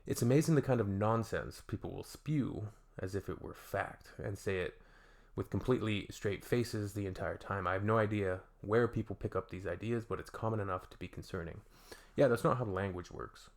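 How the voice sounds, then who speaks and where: A man's voice: lowish voice, normal speed, creaky. A Canadian man hosting a reaction video, reading comments aloud and adding dry, joking asides in a casual tone.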